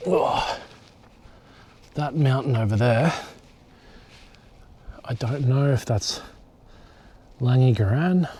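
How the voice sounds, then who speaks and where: A young man vlogs his camping trip outdoors, talking straight to a nearby camera. His voice is mellow and dark, sitting at an ordinary middle pitch. He chats loosely, cracks jokes and drops the odd swear word. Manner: chatty, joking, swears casually. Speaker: hiking vlogger. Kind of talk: casual solo vlog to camera. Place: outdoors in bush at a campsite.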